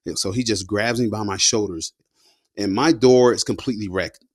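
A man's voice: on the low side, moderate pace, dry recording, studio quality. A man, a combat veteran, telling his story in a loose, slangy way, full of "you know" and "man". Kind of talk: casual spoken storytelling.

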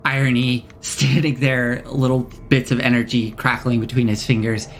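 A man's voice: mid-range voice, level tone, moderate pace, slight background noise. A man running a tabletop game as game master, explaining rules and lore with many hesitant fillers.

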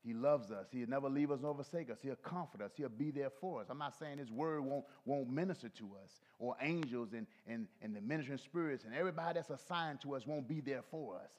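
A middle-aged male pastor preaching a folksy sermon, swinging from low soft asides to shouted peaks. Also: brisk, hardly any pauses. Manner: folksy, talks to the congregation.

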